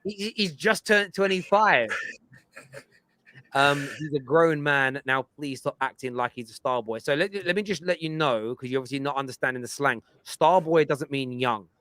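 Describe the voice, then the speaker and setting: A man's voice: medium pitch, fairly quick, few pauses, dry recording. A man hosting a football fan show, explaining his points emphatically and at length in casual chat. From England. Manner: emphatic, lecturing, animated.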